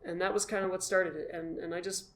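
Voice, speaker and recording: A man as the guest, telling his story in an animated, self-deprecating way and acting out his own past thoughts. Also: high voice, quick pace, over a noisy crowd. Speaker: guest, costumed charity volunteer. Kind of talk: casual storytelling in a conversation.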